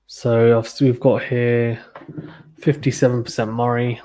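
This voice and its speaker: Young British man, casual stream host, chatty and relaxed, mid-pitched voice, reads out viewer comments. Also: measured pace. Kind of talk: casual live watchalong commentary.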